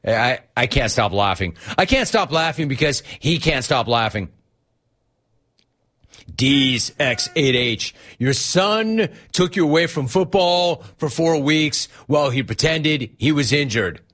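A man hosting a sports talk show, teasing and animated, reading out chat and laughing often. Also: mid-range voice, a little slow.

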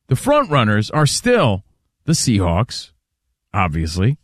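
A man's voice: on the low side, wildly swooping pitch, takes it slowly, no room sound, studio quality. A man hosting a sports talk show, running through a ranking list and reading listener comments. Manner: steers the segment, reads listener comments. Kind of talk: casual sports debate.

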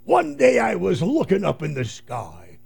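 A man's voice: high-pitched, wildly swooping pitch, measured pace, creaky, darkish tone, husky, pitched above the performer's own voice, full character voice. A man voicing a boisterous old male pirate who bellows and cackles, drawing out his words. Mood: hearty pirate.

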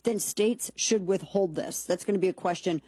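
A woman's voice: medium pitch, normal speed, dark tone, slightly rough, no room sound. A woman hosting a talk show, giving emphatic, opinionated political commentary and reading quotes aloud.

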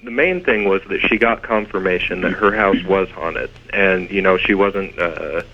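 A low-voiced man talks casually and hesitantly, with many fillers, as a radio guest describing ghost investigations. His voice comes through a dull, muffled phone line. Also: normal speed. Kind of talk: radio interview.

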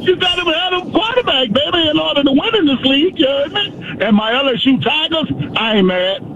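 Animated male caller on a noisy phone line. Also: extremely high pitch, fairly quick. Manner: animated, playful banter. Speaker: radio call-in caller. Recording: dull phone line with noise.

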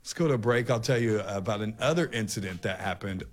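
A man's voice: fairly low pitch, fast. A male talk show host delivering an impassioned, ranting opinion monologue, often repeating himself.

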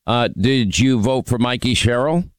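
A man's voice: medium pitch, moderate pace, clear, resonant tone, no echo. A man hosting a call-in radio show, needling and mocking a caller in a brash, combative way. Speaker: radio talk show host. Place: radio studio.

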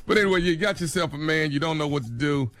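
A man's voice: fairly high pitch, fast talker, fairly bright tone. A man co-hosting, giving casual advice with a loose, repetitive, laughing manner.

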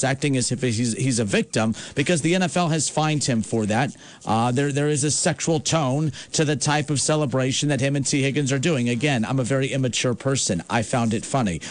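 A man hosting a sports talk radio show, ranting with animated, exasperated asides. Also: medium pitch.

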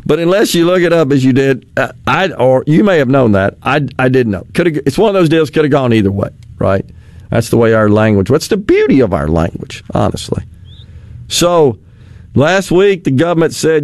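A man's voice: on the high side, very animated, moderate pace, darkish tone, no echo. A man hosting a talk radio show, commenting sardonically on the news, chuckling and mocking officials in quoted voices.

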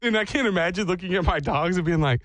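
A man's voice: sits high, fast talker, fairly bright tone, no echo. A man hosting a morning radio show, joking playfully and slipping into silly voices. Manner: playful, acts out silly dog and owner voices.

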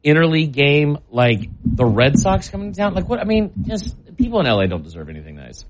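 A man co-hosting a casual sports chat, rambling with lots of fillers and getting loud and excitable. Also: on the high side, brisk, background noise. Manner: rambling, filler-heavy, animated. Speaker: sports podcast co-host.

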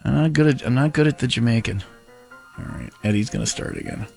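A man hosting a radio morning show, energetic and laughing while running a game. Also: medium pitch, fast, vocal fry, music in the background. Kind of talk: casual radio banter.

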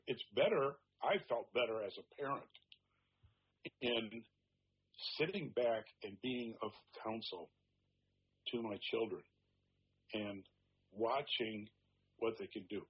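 A man's voice: mid-range voice, expressive, takes it slowly, vocal fry, pauses often, husky, lo-fi sound. An older man with a grandson, talking as an interview guest in a reflective, rambling way with emphatic asides. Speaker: author guest. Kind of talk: conversational interview.

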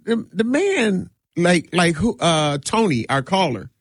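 A man filling in as radio host, talking casually and animatedly, with quick laughs and mock voices. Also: sits high, very animated, breathy edge, no echo, clean studio sound.

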